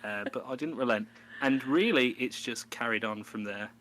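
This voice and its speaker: A man's voice: medium pitch, moderate pace, background noise. A man co-hosting a podcast, chatting casually in a rambling way and laughing often. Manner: rambling, laughs often, puts on a mock New York voice. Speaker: podcast co-host. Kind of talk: casual chat.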